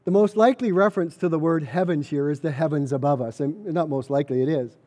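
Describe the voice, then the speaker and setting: A man's voice: a little high, fast, dark tone. A man preaching a sermon, earnest and emphatic, repeating key phrases for weight. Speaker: pastor.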